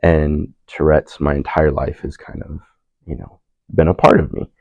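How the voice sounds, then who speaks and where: A young man telling a personal story in a casual panel talk, relaxed and laughing, animated when quoting people. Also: extremely low pitch, moderate pace, no room sound, highs cut off. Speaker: panel speaker.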